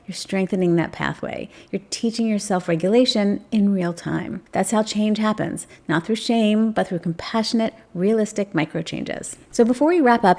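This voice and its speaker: A woman hosting a parenting channel, talking straight to the viewer in a gentle, reassuring way and acting out sample phrases. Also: mid-range voice, creaky. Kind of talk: direct-to-camera advice talk.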